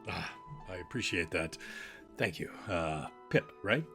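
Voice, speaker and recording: Man voicing a flamboyant, gracious, tired showman; low-voiced, courtly, with music behind. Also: animated. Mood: weary, polite. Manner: polite and courtly, with many pauses.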